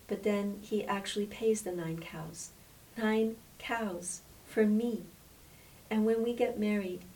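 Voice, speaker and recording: Gentle, reflective wife, read by a woman storyteller; soft storybook telling, off-mic, light hiss. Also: medium pitch, natural voice. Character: gentle, transformed island wife. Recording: distant mic with faint hiss.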